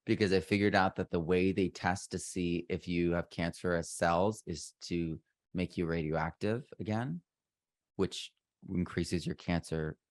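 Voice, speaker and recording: Middle-aged male guest, low register, rambling and self-interrupting, dry booth sound. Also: steady tone, measured pace, dry recording. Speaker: podcast guest. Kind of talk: casual interview conversation.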